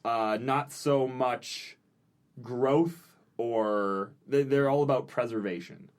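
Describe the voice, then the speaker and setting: A man narrating as game master in a halting way, with frequent fillers. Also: medium pitch, clear, resonant tone.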